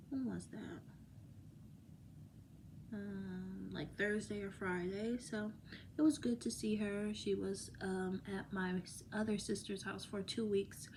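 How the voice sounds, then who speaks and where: A woman's voice: mid-range voice, creaky, darkish tone, slight background noise. Chatty woman vlogging, rambling and whispery. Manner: chatty, rambling, laughs often; drops to a whisper at times. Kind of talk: casual chat to camera.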